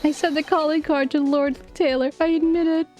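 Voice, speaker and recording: Woman doing a shrill nervous young man. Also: fairly even intonation, brisk, darkish tone, soft background music, lightly acted. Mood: pleading. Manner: shrill, stammering and pleading.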